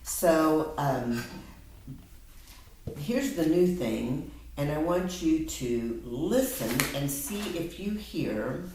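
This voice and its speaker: A woman with a low voice calmly tutors phonics, walking a learner through each point with patience. She sounds distant from a laptop on the table, in a strongly echoing room with a faint hiss behind her. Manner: patient, explains step by step. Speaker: reading and spelling tutor. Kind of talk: one-on-one phonics lesson. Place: room with a whiteboard. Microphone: laptop camera on a table. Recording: very echoey room, from far off.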